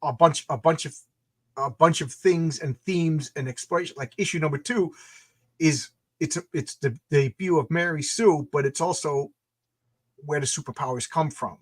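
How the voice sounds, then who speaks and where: A man talking eagerly in a casual conversation about his own comic, halting and restarting. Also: fairly high pitch, no echo. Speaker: comic creator and guest.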